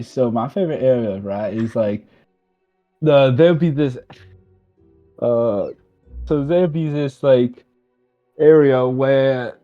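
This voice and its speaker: A man's voice: mid-range voice, dull audio. Hesitant, slangy young man. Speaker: player. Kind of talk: casual role-play.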